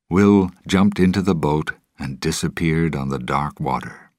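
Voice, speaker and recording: A man reading a storybook chapter aloud in a measured, deliberate way. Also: extremely low pitch, darkish tone, dry recording, studio quality. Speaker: narrator.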